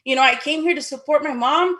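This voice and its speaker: A woman casually telling her own story in an animated way, acting out the dialogue with sudden high exclamations. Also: a little fast.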